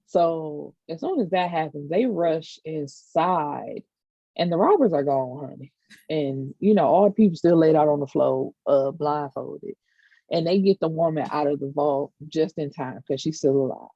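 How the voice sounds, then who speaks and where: Low gravelly woman chatting animatedly. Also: moderate pace, no room sound, lo-fi sound. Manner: animated, acts out characters' lines, laughs often. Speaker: podcast co-host. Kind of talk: casual TV recap chat.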